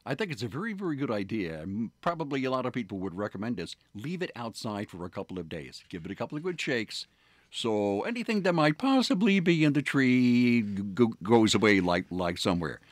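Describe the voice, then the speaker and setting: Radio host guy rambling thru a story, lots of uhs, pitch jumps all over, dry studio sound. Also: very animated, a little fast, dry recording. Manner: rambling, many fillers and restarts. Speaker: radio morning show host. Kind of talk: casual on-air storytelling. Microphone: studio microphone.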